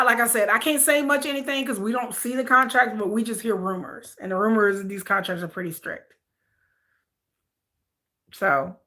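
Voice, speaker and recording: A woman's voice: mid-range voice, sharp tone. A woman vlogger chatting casually on a livestream, rambling and repeating herself as she answers viewer comments.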